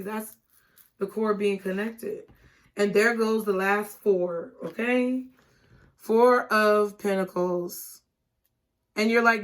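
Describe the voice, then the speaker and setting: A woman giving a tarot reading and speaking straight to her viewers in an encouraging way. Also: mid-range voice. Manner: encouraging, direct address to viewers. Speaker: tarot reader.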